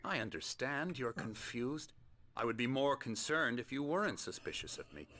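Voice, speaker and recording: An actor playing a calm, condescending middle-aged psychiatrist in a video game, speaking in a soothing, measured way. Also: male voice, medium pitch, a little hiss or hum. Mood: calm persuasive.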